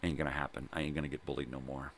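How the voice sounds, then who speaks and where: An older man with a very low, rumbling voice hosts his own casual vlog. He tells a personal story in a loose, rambling way, swearing often and checking in with "right?" and "you know?" as he goes. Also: little pitch movement, rapid-fire, a little hiss or hum. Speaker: vlog host. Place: at home.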